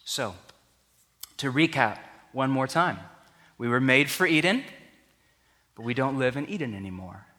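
A man's voice: medium pitch, animated, measured pace, long pauses, bright, forceful tone. A man preaching a sermon in an earnest, conversational way, his voice rising for emphasis. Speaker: pastor. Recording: long reverb of a large hall.

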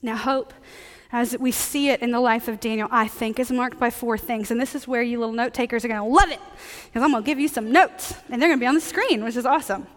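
A woman pastor preaching a sermon in a relaxed, conversational way, joking with her congregation. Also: a little high, fast, in a large hall.

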